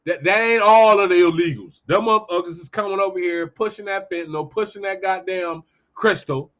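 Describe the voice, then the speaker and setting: Man, high voice, heated profane rant, host commentary, dull lo-fi sound. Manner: profane, ranting, animated storytelling. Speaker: podcast host.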